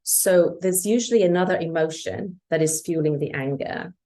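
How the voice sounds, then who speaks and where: Low-voiced woman talking earnestly. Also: moderate pace. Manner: earnest, animated, acts out quoted dialogue. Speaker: parenting guest. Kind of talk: conversational interview.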